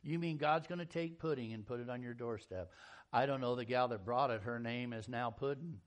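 A man preaching a sermon in a folksy, animated storytelling style, acting out quotes and jokes. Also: mid-range voice, a little fast. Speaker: pastor.

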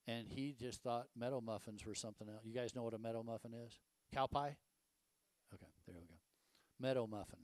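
A man's voice: medium pitch, darkish tone, no echo. An older man, preaching a casual, folksy sermon full of rhetorical questions and stories. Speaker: pastor.

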